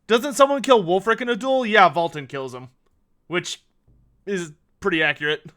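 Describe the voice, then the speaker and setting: A man's voice: high voice, normal speed, a bit bright. A man streaming a strategy game, chatting casually, thinking aloud and answering viewer questions. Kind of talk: casual gameplay livestream commentary.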